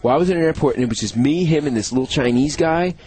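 A man co-hosting a radio show, telling a crude story loudly and profanely while laughing through it. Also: on the high side, fast. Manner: loud, laughing, profane, animated.

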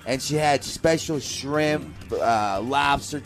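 A man's voice: medium pitch, slow, soft background music. A man bantering crudely with friends, cutting in and laughing. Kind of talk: casual banter among friends.

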